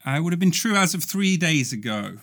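A man's voice: on the high side, big pitch swings, brisk, a bit bright. A man hosting a comedy podcast, talking in a playful, self-mocking monologue from home in quarantine. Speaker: podcast host.

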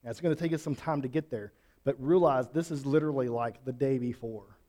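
A man's voice: medium pitch, a little fast, mellow. A man teaching a Bible passage in a folksy, conversational way, with asides and restarts. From Switzerland. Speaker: pastor.

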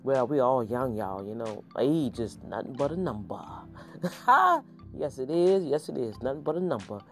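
A middle-aged podcast host talking in a loose, excitable and folksy way, repeating pet phrases like a preacher. The voice sits in an ordinary middle pitch. Soft music plays faintly underneath. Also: moderate pace. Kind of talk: casual podcast monologue.

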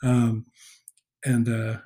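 A man talking through a movie in a loose, rambling way, leaning on fillers and restarts as he goes. His pitch sits in the middle for a man, and he sounds relaxed and conversational, like a podcast co-host chatting with a friend. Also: drawn-out words. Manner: rambling recap with many fillers. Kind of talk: casual film discussion.

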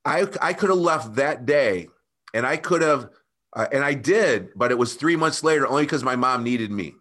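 A man guest telling an emotional personal story, earnest and animated, often calling the host by name. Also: mid-range voice, moderate pace. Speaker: podcast guest.

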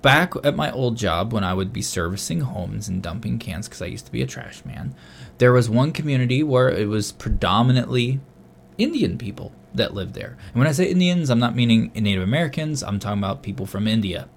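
A man's voice: mid-range voice, expressive, fairly quick, gravelly, a little hiss or hum. A man co-hosting a podcast in casual chat, telling rambling, profane stories. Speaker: podcast co-host.

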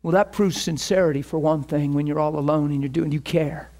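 A middle-aged man preaching, telling a story and acting out both sides of phone calls. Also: a little fast. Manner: animated, acts out phone calls with rising pitch. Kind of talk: storytelling sermon.

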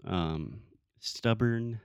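A man's voice: lowish voice, drawn-out words, creaky, smooth, no room sound, studio quality. A man from the United States hosting a casual show, correcting his guest's English with patient explanations and joking asides. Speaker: English teacher and podcast host. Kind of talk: casual teaching chat.

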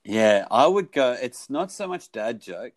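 A man's voice: mid-range voice, sing-song, measured pace, no echo. Dry-voiced man hosting. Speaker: podcast host. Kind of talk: casual podcast chat.

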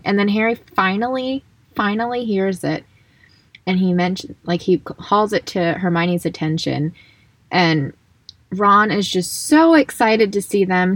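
A woman co-hosting a casual book podcast, talking in a chatty way and laughing easily. Her voice sits at a middle pitch and sounds very dry and close, with no room around it. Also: a little slow, no echo. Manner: chatty, laughs often, reads passages aloud. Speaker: podcast co-host.

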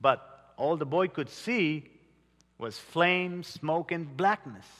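A man preaching a sermon, telling stories earnestly with dramatic pauses. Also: on the high side, animated, fairly bright tone. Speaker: pastor. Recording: long hall reverb.

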